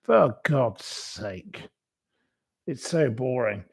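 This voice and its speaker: A man hosting a live stream who rambles and mocks with open scorn. His voice sits a little high for a man and has a gravelly fry, and he talks slowly. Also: lively intonation.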